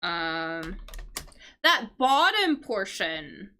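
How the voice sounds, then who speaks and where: A woman's voice: mid-range voice, big pitch swings, drawn-out words, bright, forceful tone, a little hiss or hum. A woman teaching English vocabulary on a live stream, explaining words patiently, checking in with "right?" and answering her chat.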